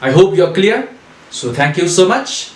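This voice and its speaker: A man teaching a recorded lesson, asking questions and answering them himself in a deliberate way. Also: sits high, big pitch swings. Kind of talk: recorded online English lesson. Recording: echoey room.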